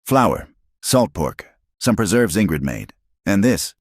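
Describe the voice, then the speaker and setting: A man voicing a kindly elderly farmer with a thick Norwegian accent who speaks gentle, broken English. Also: low voice, sing-song, slow pace, slightly rough, dry recording, clean studio sound, voice pushed up, exaggerated voice. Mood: earnest.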